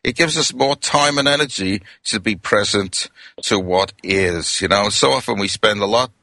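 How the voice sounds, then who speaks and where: A middle-aged man from Wales with a Welsh accent, giving a gentle, reflective sermon as a minister. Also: on the low side, normal speed, no echo. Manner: gentle, reflective, addresses listeners as friends.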